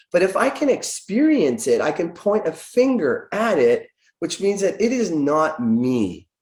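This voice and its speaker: A man's voice: fairly high pitch, a little mellow. A man guest speaking as a naturopathic doctor, giving an earnest, searching spiritual explanation. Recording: echoey room.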